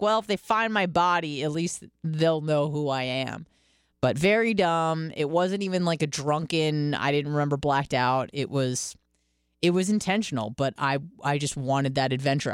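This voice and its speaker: A woman in her twenties hosting a radio podcast, telling candid stories in a casual, profane, animated way. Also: low voice, normal speed, clear, resonant tone, no echo, clean studio sound. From Michigan, US. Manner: candid, profane, animated storytelling with quoted self-talk. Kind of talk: casual monologue.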